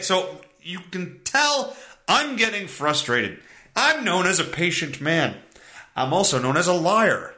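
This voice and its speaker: A podcast host telling an exasperated story in a casual comedic rant, acting out both sides of a phone call and swinging between loud outbursts and muttered asides. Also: male voice, sits high, very animated, unhurried.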